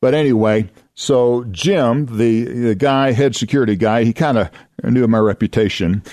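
A man's voice: mid-range voice, moderate pace, darkish tone, no echo, clean studio sound. An older man from Oklahoma, a radio host and former youth minister telling folksy anecdotes, chuckling and acting out voices. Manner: chuckling, acts out voices in his stories.

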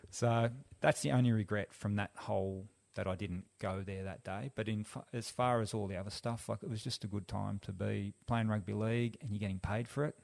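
A man's voice: fairly low pitch, brisk, creaky, few pauses. An Australian man, a former rugby league player, telling stories casually and acting out what people said. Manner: animated, acts out quoted dialogue. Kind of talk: casual storytelling.

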